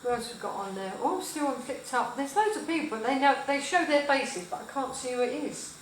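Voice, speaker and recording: A woman's voice: sits high, expressive, fairly quick. A middle-aged woman hosting a home cooking show, chatting and telling a rambling story with lots of fillers while she cooks. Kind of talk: live cooking chat with storytelling. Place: home kitchen. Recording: very echoey kitchen, mic far off, cooking noise. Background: frying and sizzling, stirring.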